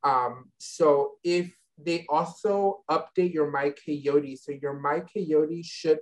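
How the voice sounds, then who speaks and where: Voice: mid-range voice, slow, low-quality recording. A university advisor explaining admissions steps on a video call, with frequent ums and restarts. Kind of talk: online info session Q&A.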